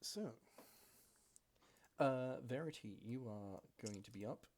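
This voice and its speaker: A man narrating as game master, giving relaxed, matter-of-fact rulings with soft fillers. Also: medium pitch, takes it slowly, slight background noise. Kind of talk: narrating a tabletop game over a call.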